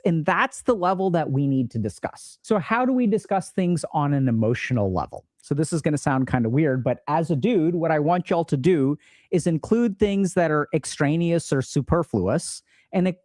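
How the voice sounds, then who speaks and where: Casual explaining man, fairly high voice. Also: no room sound, studio quality. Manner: casual, upbeat, acts out quoted dialogue. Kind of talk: explanatory talk to camera.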